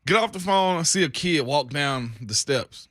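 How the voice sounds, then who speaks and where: Brief: male radio co-host, a bit high and bright, lively storyteller, dry studio mic. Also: normal speed, no echo. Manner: animated storyteller, laughs often. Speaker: sports radio co-host, former pro athlete. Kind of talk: casual radio chat.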